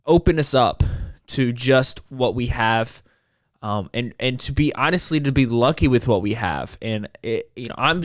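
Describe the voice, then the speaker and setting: A man in his twenties hosts a solo podcast episode, rambling in frustration and swearing often. His voice is smooth and clear, with a middling pitch. The sound is dry and close, with no echo.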